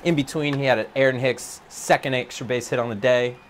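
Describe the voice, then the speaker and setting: Slight background noise surrounds a man giving live commentary on his own gameplay in an empty office. He speaks fairly quickly, excitable, and his pitch shoots up when he's worked up.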